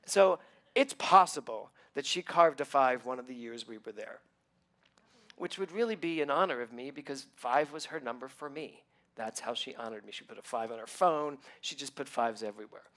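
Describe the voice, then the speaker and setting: A middle-aged man, a minister, telling a personal story in a sermon, acting out what others said with lively ups and downs. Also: medium pitch, normal speed. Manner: animated storytelling, acting out quoted voices.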